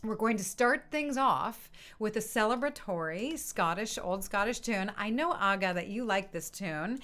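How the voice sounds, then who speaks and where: Hosting an online music session, a woman chats casually and greets the participants one after another, laughing frequently during this live-stream welcome. She has an expressive, mid-range, slightly bright voice at a moderate pace, and she's picked up by a computer mic on a video stream.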